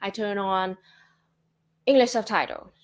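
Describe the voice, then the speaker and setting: A Vietnamese woman streamer with a Vietnamese accent chats casually on a livestream, her speech full of "like" and "you know." Her voice is medium-pitched with fairly even intonation, and she's unhurried.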